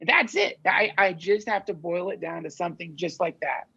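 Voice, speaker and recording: A man talks in loose, searching sentences, swearing freely as he thinks aloud. His voice is gravelly with a husky edge. The audio is dull and lo-fi, like a podcast recording. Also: high voice, brisk, a bit bright. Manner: rambling, profane, searching. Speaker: podcast guest. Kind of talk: casual conversation.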